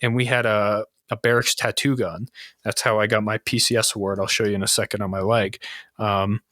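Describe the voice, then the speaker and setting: Bright, forceful man swearing through war stories. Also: lowish voice, a little fast, no room sound, studio quality. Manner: profane, animated anecdotes. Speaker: podcast host. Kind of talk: casual podcast chat.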